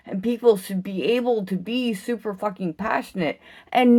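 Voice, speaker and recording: A woman giving an impassioned solo vlog rant, emphatic and profane, swinging from loud outbursts to low, slow musing. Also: lively intonation. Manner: intense, emphatic, heavy swearing. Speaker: vlogger.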